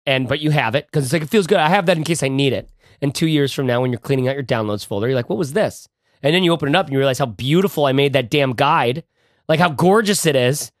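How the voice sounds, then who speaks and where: A male podcast co-host chatting casually, animated and playful, talking in quick bursts. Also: mid-range voice, no room sound, studio quality. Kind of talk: casual chat.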